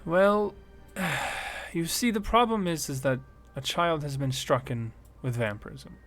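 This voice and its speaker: Man voicing a fussy little woman gnome tinkerer, pitched way up, loud and fretful, tabletop game. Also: unhurried, soft background music. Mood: pleading. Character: fussy red-headed woman gnome scientist.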